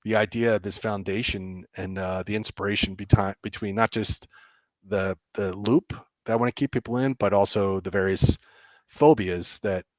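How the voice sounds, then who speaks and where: A man, a game developer, telling animated stories as a guest and acting out people's reactions with frequent laughs. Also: lowish voice, normal speed, no room sound. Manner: excitable, acts out reactions, laughs often. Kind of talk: animated storytelling.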